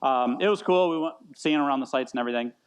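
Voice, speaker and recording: A man's voice: medium pitch, quick pace, smooth. A man in his thirties preaching a casual sermon, rambling and self-deprecating, often repeating words as he tells stories. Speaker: pastor. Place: church meeting in a brewery.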